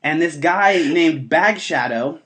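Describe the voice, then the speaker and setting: Slightly high-voiced man recapping a show. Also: lively intonation, slow pace, a crowd in the background. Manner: rambling, profane, jokey storytelling. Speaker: podcast co-host. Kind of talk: casual podcast chat, recapping a TV episode.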